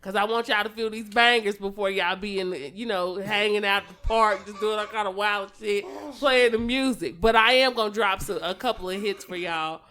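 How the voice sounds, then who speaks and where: A woman's voice: medium pitch, fairly even intonation, normal speed, few pauses, bright, forceful tone. A woman co-hosting a podcast in casual chat, telling playful stories with frequent giggles. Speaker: podcast co-host.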